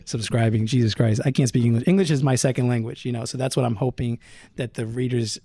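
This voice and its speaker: A man's voice: medium pitch, steady tone, fast talker, dark tone, no echo. A man hosting a podcast from a living room, talking in a loose, joking, profane way. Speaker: podcast host. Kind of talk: casual chat.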